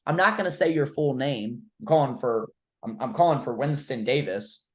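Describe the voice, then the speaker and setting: A man's voice: a little high, normal speed. A man coaching a trainee through cold-call role-play, blunt and informal, with the odd swear word. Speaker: recruiting coach.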